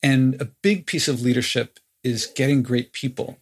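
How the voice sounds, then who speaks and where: A man leads a conversational interview. His voice is husky, with a gravelly edge. He thinks aloud in loose, reflective phrases. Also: medium pitch, moderate pace.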